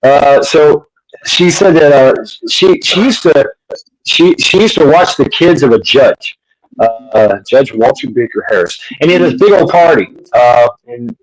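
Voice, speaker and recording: A man's voice: mid-range voice, lively intonation, measured pace, rough recording. A middle-aged man hosting a casual livestream chat, telling crude, rambling stories full of restarts and fillers. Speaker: host.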